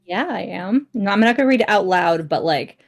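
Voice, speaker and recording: A woman's voice: medium pitch, lively intonation, a little fast, creaky. A woman playing in a tabletop game, chatting casually and playfully about her rolls. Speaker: player.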